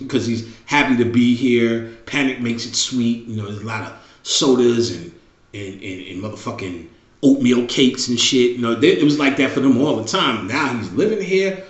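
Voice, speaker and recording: Middle-aged guy ranting casually, cusses a lot, repeats himself, roomy dull recording. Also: mid-range voice. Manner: blunt, heavy swearing, repeats phrases. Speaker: show host. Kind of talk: casual profane monologue.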